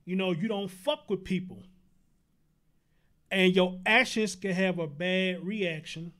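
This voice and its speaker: High-pitched man ranting on a show. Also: takes it slowly, a bit bright. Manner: incredulous, laughing through outrage, rhetorical questions. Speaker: show host. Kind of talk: reaction commentary.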